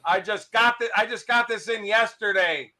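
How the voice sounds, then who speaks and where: A man pitching art for sale in an enthusiastic, hyping way. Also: normal speed, over a noisy crowd. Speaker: art dealer. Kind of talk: live sales pitch.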